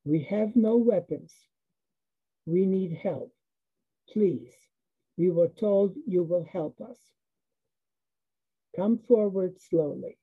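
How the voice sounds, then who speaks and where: A woman voicing a stern, calm father as he guides his family, giving quiet, patient instructions. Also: on the low side, takes it slowly, pauses often, slightly rough. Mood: hushed. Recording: tinny phone-like sound.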